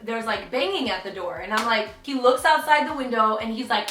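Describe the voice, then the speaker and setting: A woman's voice: on the high side, expressive, fairly quick, a bit bright. A young woman telling a dramatic story in a chatty vlog, full of "like". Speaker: vlogger. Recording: roomy, distant, faint music.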